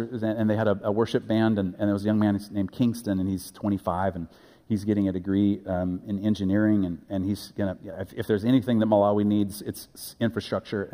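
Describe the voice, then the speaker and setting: A man preaching a sermon as pastor, earnest and halting, building to emphatic peaks. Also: mid-range voice, dark tone. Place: church sanctuary. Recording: echoey church hall.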